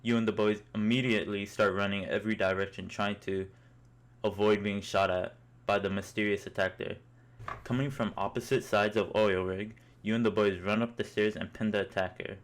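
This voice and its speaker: A man's voice: fairly low pitch, steady tone, normal speed. A young man narrating a comic story in the second person, in an amused, mock-epic way.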